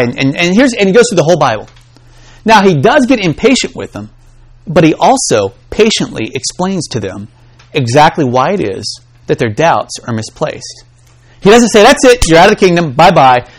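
Man, preaching, animated, lively pitch, acts out voices. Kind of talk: sermon.

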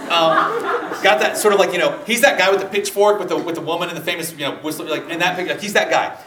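Rambling, bright-voiced storyteller man. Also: sits high, echoey room, distant mic. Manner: rambling, animated, laughs often, quick voice switches for quotes. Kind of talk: casual anecdotal storytelling.

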